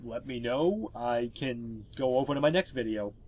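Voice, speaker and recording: A man's voice: medium pitch, animated, moderate pace, darkish tone, breathy edge. A man with a stuffy, congested voice from a cold, chatting casually and explaining gameplay as he narrates a walkthrough. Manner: chatty, explanatory, with filler words. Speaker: video game walkthrough narrator.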